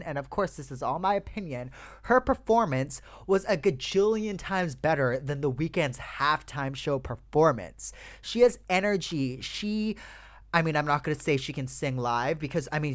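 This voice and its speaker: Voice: medium pitch, no room sound, clean studio sound. A young adult podcast host chatting casually on their own show, ranting heatedly, swearing freely and calling out to listeners. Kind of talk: casual solo podcast chat.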